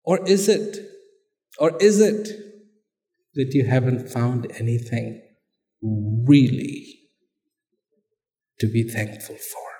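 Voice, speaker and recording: A man preaching, telling a story and asking the audience animated questions, in a hall with long reverb. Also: mid-range voice, takes it slowly, pauses often. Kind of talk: sermon storytelling.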